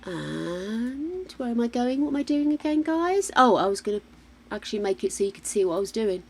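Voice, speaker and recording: A woman's voice: on the high side, sing-song, normal speed, a little mellow. Chatty English woman streaming a game. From England. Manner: chatty, thinks aloud, laughs often. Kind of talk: casual chat while playing.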